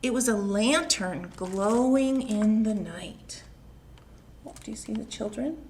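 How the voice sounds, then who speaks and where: A woman, a children's librarian, reading a picture book aloud at home, slow and expressive, pausing to ask the young listeners questions. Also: medium pitch, slight background noise.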